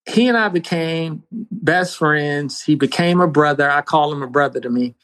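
A man giving a spoken faith testimony, emphatic, with big pitch swings and dramatic pauses. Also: lively intonation, a bit bright. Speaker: guest sharing testimony.

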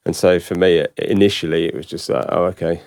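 A man answering questions in a hesitant, measured way, often repeating words. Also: low-pitched, steady tone, creaky, a little mellow, no echo, clean studio sound. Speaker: husband of the guest. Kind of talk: conversational interview answer.

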